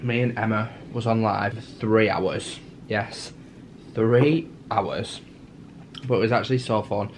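A man's voice: fairly low pitch, level tone, normal speed, slight background noise. A young man, chatting upbeat to camera in a casual travel vlog on a handheld phone. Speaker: makeup content creator.

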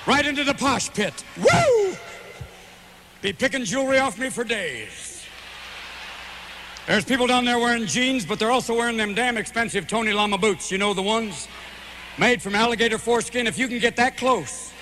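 A man in his forties performing live stand-up comedy in a large venue, manic and rapid-fire, jumping between voices. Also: extremely high pitch, animated, background noise. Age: 40s.

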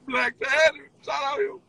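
A man ranting on a livestream in a taunting, profane way, with sing-song chants and bursts of shouting. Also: very high-pitched, creaky, dry recording, rough recording. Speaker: social media personality.

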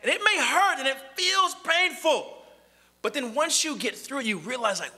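A young man delivers a casual, animated sermon in a high, bright, cutting voice. His pitch swings widely as he jumps between plain talk and quoted voices. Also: moderate pace. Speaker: preacher.

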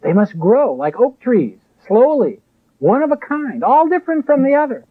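A man preaching a sermon in an emphatic way, with sharp rises and drops. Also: very high voice, very animated, moderate pace, husky. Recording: tinny phone-like lo-fi recording.

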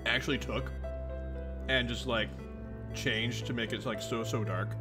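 A man with a mid-range voice, speaking a little slowly, does a casual read-along of a webcomic while music plays behind him. He giggles, gets excited, and talks with his chat between lines.

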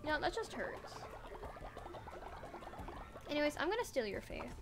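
Very high-voiced chatty woman gamer. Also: sing-song, unhurried, background noise. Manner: chatty, swears, talks to the game characters. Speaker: gaming video creator. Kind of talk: let's play commentary. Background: game music.

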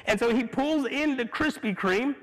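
A man delivers a sermon, telling stories with animated energy, frequent laughter and restarted phrases. His voice sits high for a man. A long reverb from a large hall trails every line. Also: normal speed. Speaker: pastor.

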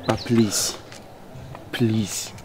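A man playing an obsessive suitor, dark-voiced. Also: lowish voice, steady tone, very slow, slight background noise. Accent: Ghanaian. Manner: insistent, pleading. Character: obsessive man insisting a stranger is his wife. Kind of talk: web drama acting.

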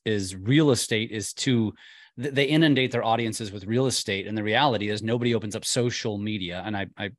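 A man's voice: lowish voice, no echo, studio quality. A man hosting a podcast interview, asking long, searching questions in a casual, emphatic way. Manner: conversational, with frequent restarts and emphatic questions. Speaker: podcast host.

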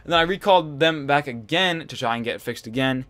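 A man's voice: on the high side, expressive, quick pace, a bit bright, dry recording. Young guy ranting through a storytime. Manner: rambling, swears a lot, exasperated storytelling. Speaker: gaming channel host. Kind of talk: casual storytime over gameplay.

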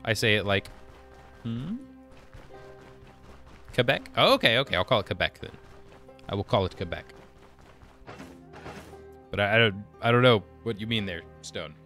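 Male streamer, lower register with a bright edge; reads chat aloud and riffs casually. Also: expressive, moderate pace, long pauses, faint music behind. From United States. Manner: reads viewer comments aloud and answers them chattily. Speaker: gaming streamer reading chat. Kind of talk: casual live-stream chat while gaming.

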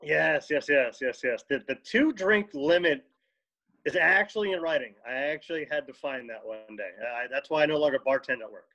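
A man's voice: a little high, moderate pace, highs cut off. A man, a chef guest on a podcast, chatting casually with easy chuckles. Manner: relaxed, chuckles between remarks. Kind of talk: casual chat.

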